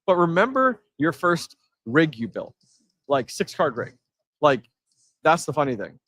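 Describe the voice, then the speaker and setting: A man hosting a live stream from an event floor, chatting casually and answering his chat with energy. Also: on the high side. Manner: energetic, reads chat aloud, quick asides.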